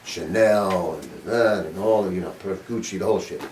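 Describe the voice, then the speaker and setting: An older man, voice sitting low and a little mellow at normal speed, runs a saxophone master class in a music studio. He's blunt and informal, questioning students and swearing casually. The roomy distant-mic recording has slight background noise.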